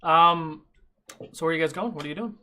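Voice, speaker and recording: A man's voice: on the high side, brisk, pushed and bright. A man narrating a tabletop game as game master, rambling with many fillers and restarts.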